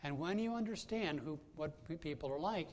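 Higher-voiced male pastor preaching conversationally. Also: lively intonation, fairly quick, darkish tone. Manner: conversational storytelling with frequent hesitations. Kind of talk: sermon.

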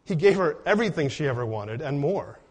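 A man's voice: a little high, sing-song, a little fast, slightly rough. A man preaching a sermon in an earnest way, often putting rhetorical questions to his congregation. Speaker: pastor.

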